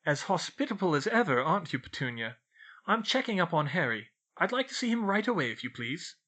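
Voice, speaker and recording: A man's voice: on the high side, very animated, brisk, bright, forceful tone, pitched above the performer's own voice, exaggerated voice. A man doing a stern older woman professor. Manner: crisp, formal, commanding.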